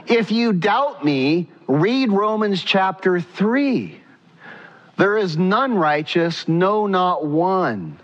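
A man's voice: sits high, big pitch swings, very slow, muffled recording. A man preaching a sermon as pastor, emphatic, now and then acting out quotes.

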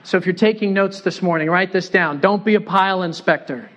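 High-voiced, joking man preaching a sermon. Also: brisk, fairly bright tone, highs cut off. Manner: conversational, joking, asks the congregation questions. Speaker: pastor. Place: church sanctuary with congregation.

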